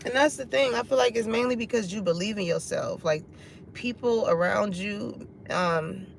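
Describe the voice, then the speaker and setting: A woman's voice: mid-range voice, normal speed, creaky, a little hiss or hum. A woman giving a casual tarot reading, laughing often and swearing freely. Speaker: tarot reader.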